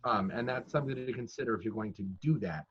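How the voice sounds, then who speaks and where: A man's voice: mid-range voice, quick pace, a little hiss or hum. A man who works as a professional dungeon master, giving casual, chatty, self-deprecating advice in conversation. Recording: dull lo-fi audio.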